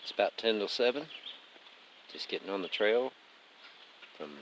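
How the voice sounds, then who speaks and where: A man with a lowish voice and lively intonation films a casual vlog while thru-hiking through a forest, chatting to his handheld camera at a moderate pace. He rambles and pokes fun at himself, occasionally out of breath from climbing, against a noisy background.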